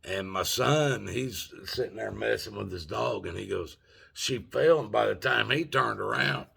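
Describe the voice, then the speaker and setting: A man's voice: fairly low pitch, normal speed, vocal fry, bright, forceful tone, husky. A man of sixty telling a story in a rambling, folksy way with loose grammar. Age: 60s. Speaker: vlogger. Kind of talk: casual storytelling.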